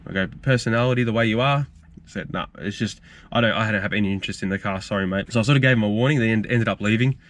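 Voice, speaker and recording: Speaking very fast in a fairly low, slightly bright voice, the young Australian behind the car channel tells stories frankly in his casual Q&A vlog. He rambles and relies on filler words.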